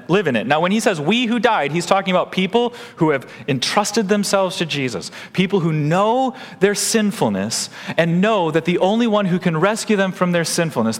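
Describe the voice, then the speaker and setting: Male pastor, emphatic sermon delivery, slightly high voice, big reverberant room. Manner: animated, emphatic preaching with wide pitch swings.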